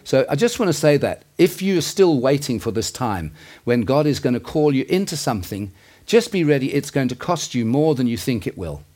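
A man's voice: mid-range voice, sing-song, moderate pace, warm tone. A male preacher delivers a sermon in an earnest, conversational tone, with a mid-range voice. He breaks off now and then for asides and small self-corrections, then picks the thread back up.

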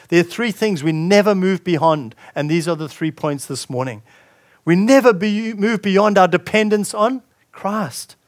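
A male pastor preaching a sermon, reading scripture aloud and commenting on it with frequent restarts. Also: sits high.

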